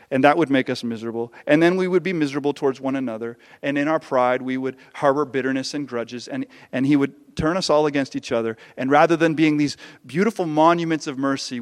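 Impassioned preacher man, long hall reverb. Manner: impassioned, swings between loud peaks and hushed lows. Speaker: pastor. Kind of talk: sermon.

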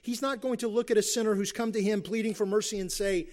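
An earnest man preaching a sermon in a slightly raised voice. He drives his points home with emphasis, rhetorical questions and quick acted-out quotes. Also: high voice, fairly even intonation, a little mellow.

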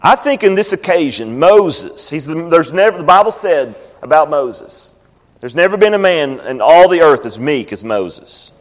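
A male pastor preaching a sermon, reading scripture slowly and asking the congregation questions. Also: a little high, big pitch swings. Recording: long hall reverb.

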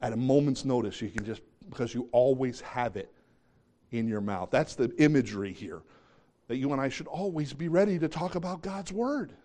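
Middle-aged male pastor, mid-pitched voice, chatty sermon delivery with questions to the congregation. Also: expressive, moderate pace, dark tone. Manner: conversational, self-deprecating, asks the congregation questions.

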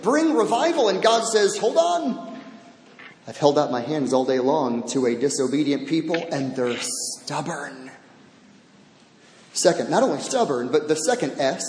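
A man preaching a sermon verse by verse, animated, acting out quoted voices and repeating words for emphasis. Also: on the high side. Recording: echoey hall.

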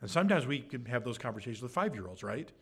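Animated man teaching a Bible sermon. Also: quick pace, husky. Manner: conversational, rhetorical asides with "right?"; acts out quoted speech with shifts in pitch. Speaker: pastor.

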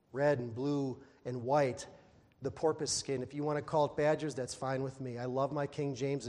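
Animated preacher man in a reverberant hall. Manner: animated, acting out exasperated quotes with sudden loud high outbursts; laughs at himself while talking. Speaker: pastor. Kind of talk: sermon.

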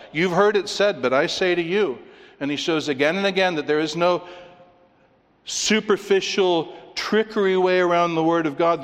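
A man preaching an expository sermon, animated and emphatic, at times carried along by sports imagery. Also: fairly high pitch. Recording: long hall reverb.

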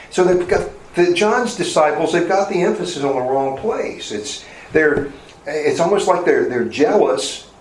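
A man giving a sermon as pastor, conversational and plain, often pausing on fillers and asking rhetorical questions. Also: medium pitch, a little mellow, roomy sound, slight background noise, low-quality recording.

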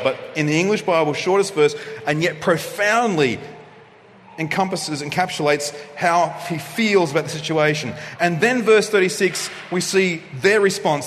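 A male pastor delivering a sermon, preaching expressively and swinging from loud passages to hushed ones. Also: on the high side. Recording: long reverb of a hall, faint noise.

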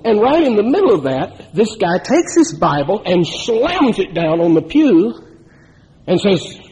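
Husky-voiced preacher in a reverberant hall. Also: male voice, sits high, big pitch swings, unhurried, a little mellow. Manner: builds to emphatic, rising climaxes. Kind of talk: sermon with storytelling.

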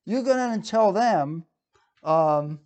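A man's voice: high-pitched, lively intonation, slow pace, darkish tone. A man preaching a sermon in a conversational way, with frequent fillers and restarts.

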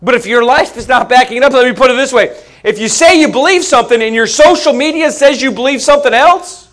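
A man's voice: very high-pitched, fast, fairly bright tone. A man preaching a sermon in a folksy, emphatic way, asking the congregation rhetorical questions.

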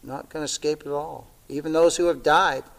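A man's voice: a little high, fairly even intonation, fairly quick, vocal fry, low-quality recording. A male pastor preaching a sermon, conversational with tag questions, building to fervent exclamations and chuckling now and then.

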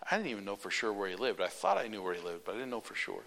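A male preacher telling a personal story in a sermon, animated, running sentences on with repeated "and". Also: on the low side, very fast, gravelly, slight background noise.

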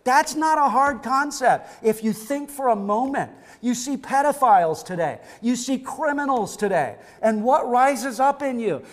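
A man's voice: very high voice, expressive, measured pace, hardly any pauses. A male pastor delivering a fervent sermon, building emphasis through repeated phrases. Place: church sanctuary. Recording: long reverb of a church hall.

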